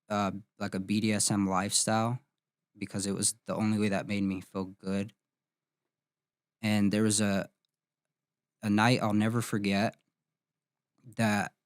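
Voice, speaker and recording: A man in his thirties, a podcast host, telling a painful personal story in an emotional, halting way with many restarts. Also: on the low side, no room sound, clean studio sound.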